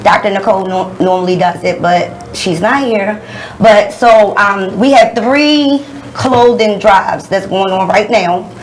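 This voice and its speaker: A woman co-hosting a radio show who talks in a halting way, full of fillers, as she makes announcements. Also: mid-range voice, slight background noise, rough recording. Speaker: radio co-host. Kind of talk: casual radio talk.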